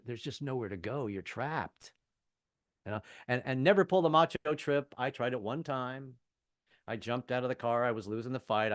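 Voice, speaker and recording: An older Southern American man does a rambling, self-deprecating stand-up set, often stammering and restarting his sentences. He speaks at a medium pitch, and the studio-quality recording has no echo.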